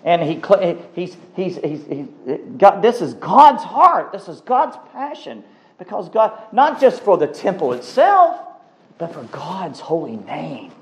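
A man's voice: high-pitched, wildly swooping pitch, a little slow, low-quality recording. A man preaching a sermon, emphatic and given to repeating words for stress.

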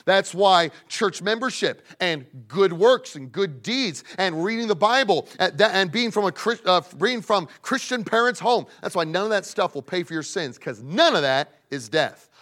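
A man preaching a sermon to young people, emphatic, swinging between loud pleading and hushed asides. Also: high voice, animated, moderate pace, hardly any pauses. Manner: speaks directly to young people in the congregation.

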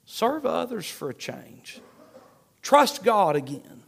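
High-voiced man preaching emphatically. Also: very animated, slow pace, creaky, a bit bright, husky. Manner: emphatic, repetitive preaching cadence. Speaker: pastor. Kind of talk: sermon.

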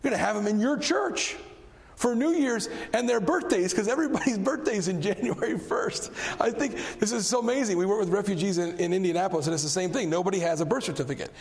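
A man preaching a sermon, telling a story with animated energy and a voice that climbs when he gets excited. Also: high voice, fast talker, vocal fry. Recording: long hall reverb.

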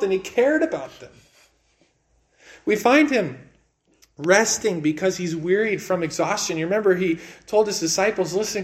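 A man preaching a sermon in an earnest way, repeating words and swinging between raised and hushed delivery. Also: sits high.

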